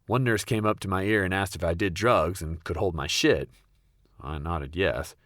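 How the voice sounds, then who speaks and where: Brief: young male storyteller, very low voice, deadpan, dry close mic. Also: normal speed, no echo. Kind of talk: comedic first-person storytelling.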